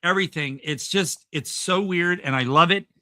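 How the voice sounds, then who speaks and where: Guy hosting a podcast, super bright sharp voice, rambling and excited, dry close sound. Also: high voice, moderate pace, dry recording. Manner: rambling, enthusiastic, many fillers and restarts. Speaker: podcast host. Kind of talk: casual chat.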